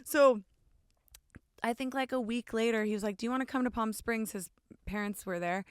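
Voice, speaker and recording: Chatty woman, smooth and dry. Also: a little high, moderate pace, no echo. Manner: animated, says "like" a lot, acts out her own past lines. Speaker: podcast guest. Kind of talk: casual storytelling chat.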